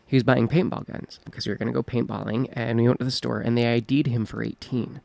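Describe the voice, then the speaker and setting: A man in his late thirties with a gravelly voice chats casually on a podcast. He talks freely and laughs easily. The sound is dry and close. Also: medium pitch, flat delivery, darkish tone, no echo. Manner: chatty, quick to laugh. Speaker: podcast guest. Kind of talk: casual chat.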